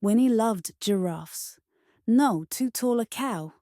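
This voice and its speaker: A woman narrating a children's storybook in a gentle, measured read-aloud manner. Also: on the high side, expressive, dry recording, studio quality.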